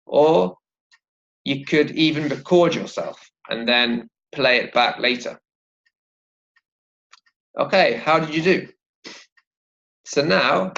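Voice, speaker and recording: A man's voice: a little high, creaky, fairly bright tone, lo-fi sound. A man teaching English vocabulary and pronunciation, patiently repeating words for learners to copy. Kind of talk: slow, clear teaching with pronunciation drills.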